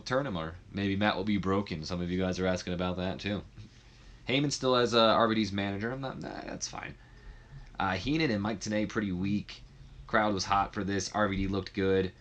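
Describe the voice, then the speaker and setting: A man's voice: fairly low pitch, fairly bright tone. A man giving loose, rambling commentary on a wrestling management game and acting out characters' lines. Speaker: video creator.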